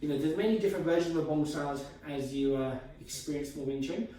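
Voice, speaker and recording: A man's voice: on the high side, fairly quick, warm tone. A man teaching a martial arts technique, explaining step by step while he demonstrates. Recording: echoey room from far off, faint noise.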